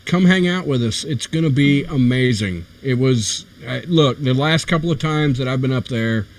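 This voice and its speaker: A man's voice: mid-range voice, moderate pace, poor audio. Easygoing rambling male podcast host. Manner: rambling, easygoing, many fillers. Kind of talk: casual podcast chat.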